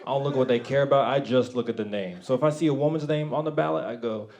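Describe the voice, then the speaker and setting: A man performing a stand-up comedy set, loud and animated, often laughing at his own jokes. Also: medium pitch, very fast. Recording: live club with crowd laughter. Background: audience laughing and clapping.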